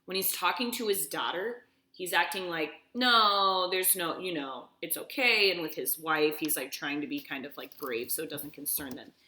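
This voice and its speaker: A woman's voice: low voice, fairly bright tone. A woman teacher reading a story aloud and explaining it step by step, often checking in with "okay?". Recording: echoey room.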